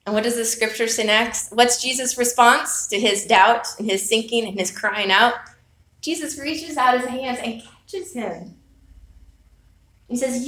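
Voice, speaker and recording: A woman's voice: fairly high pitch, animated, a little slow, a bit bright. A woman preaching a sermon, telling a personal story with earnest, reflective rhetorical questions. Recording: echoey room.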